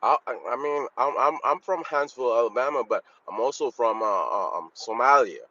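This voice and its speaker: A man calling into a show, arguing in a halting, stammering way and formally calling the host "sir". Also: medium pitch, pushed and bright. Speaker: caller. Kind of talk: heated call-in argument. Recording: dull call-in line with faint noise.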